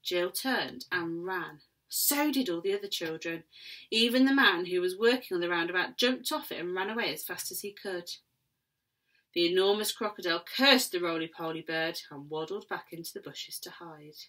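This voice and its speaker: A woman's voice: fairly low pitch, moderate pace. Woman reading a story aloud. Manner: expressive with whispered asides. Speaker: teacher.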